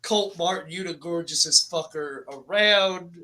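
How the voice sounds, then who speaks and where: Drunk, crude man with a bright voice. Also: high voice, measured pace, slight background noise. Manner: loud, crude and swearing. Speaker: co-host of a fantasy football stream. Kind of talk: casual livestream chat.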